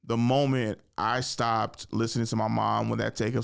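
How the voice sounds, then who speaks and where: A man hosting a podcast in animated, profane casual chat, laughing often. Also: mid-range voice, fairly quick, gravelly. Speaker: podcast host.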